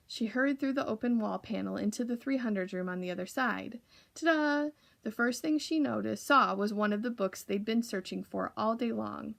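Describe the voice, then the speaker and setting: A woman reads a children's novel aloud for a library, in a steady, even manner with now and then a slip and restart. Her voice has a light gravelly fry. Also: on the high side, normal speed. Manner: steady, occasional slips and restarts. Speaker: library reader.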